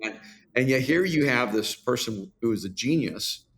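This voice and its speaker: A man's voice: medium pitch, lively intonation, moderate pace, a bit bright. An older man hosting a podcast, talking in a reflective, musing way in casual conversation. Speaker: podcast host.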